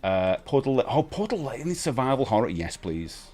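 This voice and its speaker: British man, livestream host, casual chat, animated, medium pitch, faint music behind. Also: moderate pace. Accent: British English. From United Kingdom. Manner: animated, jumps between high excited bursts and low mutters. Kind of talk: casual live stream chat.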